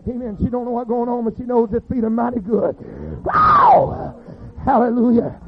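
High-voiced preacher, tinny recording. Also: male voice, steady tone, quick pace. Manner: rhythmic, folksy, swings from hushed to shouting. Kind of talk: sermon storytelling. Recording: tinny phone-like sound with faint music.

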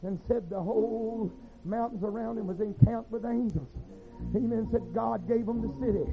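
High-voiced preacher, tinny recording. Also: male voice, normal speed. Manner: rhythmic, folksy, swings from hushed to shouting. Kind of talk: sermon storytelling. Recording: tinny phone-like sound with faint music.

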